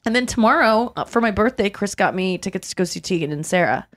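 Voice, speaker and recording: A woman's voice: mid-range voice, lively intonation, quick pace, a bit bright. A woman hosting a podcast, chatting casually, rambling through lots of fillers and restarts and laughing easily. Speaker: podcast host. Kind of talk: casual chat.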